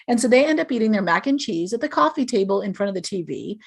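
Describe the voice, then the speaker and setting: A woman's voice: medium pitch, expressive, quick pace, creaky, few pauses, slightly rough. Earnest woman explaining parenting advice. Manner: earnest, explanatory, acts out sample phrases for parents. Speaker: guest parenting author. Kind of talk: podcast interview.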